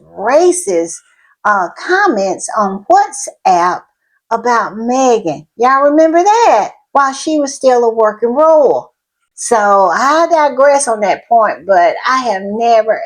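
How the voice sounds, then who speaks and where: Slow, emphatic woman commenting. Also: medium pitch, low-quality recording. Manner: emphatic, repeats words for stress; laughs between remarks. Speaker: royal news commentator. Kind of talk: casual opinion commentary.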